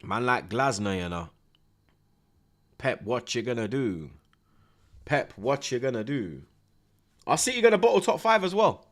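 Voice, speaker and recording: A man, hosting a live football watchalong, chatting in heavy street slang with the viewers and shouting at big chances. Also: mid-range voice, very animated, unhurried, long pauses.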